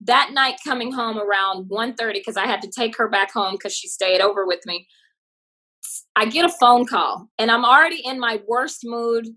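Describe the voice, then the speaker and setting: Woman comic, interview guest, animated storyteller who acts out voices, bright voice a bit high. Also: moderate pace, poor audio. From Texas. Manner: lively, acts out voices in her stories. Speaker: comedian guest.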